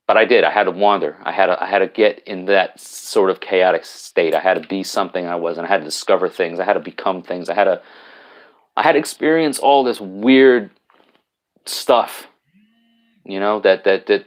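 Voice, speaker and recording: Man, New York accent, fairly low voice, casual live-stream chat, rambling, repeats himself. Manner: rambling, frequent restarts and repeated words.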